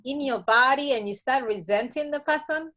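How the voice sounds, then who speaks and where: Woman participant, higher pitch, earnest, reads aloud with pauses. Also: a bit bright. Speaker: group participant. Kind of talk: casual chat and reading aloud.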